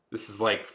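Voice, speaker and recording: A man's voice: very high voice, a bit bright. A man in his thirties chatting casually on a stream. He rambles with lots of fillers and turns heated and ranting. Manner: rambling, heavy use of "like", restarts and trails off. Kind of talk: casual rambling chat while drawing. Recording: echoey room.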